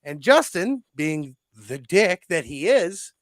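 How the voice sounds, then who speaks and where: A man's voice: a little high, big pitch swings, slow pace, no echo, studio quality. A young man co-hosting a podcast, telling a story in casual chat, swearing freely and jumping into quoted voices. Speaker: podcast co-host.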